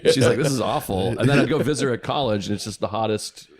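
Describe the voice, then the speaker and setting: A man's voice: medium pitch, fast. A married man telling crude, joking stories in a casual podcast chat. He acts out the lines of the people in them. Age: adult, married. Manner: profane storytelling with acted-out quotes. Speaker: podcast co-host or guest.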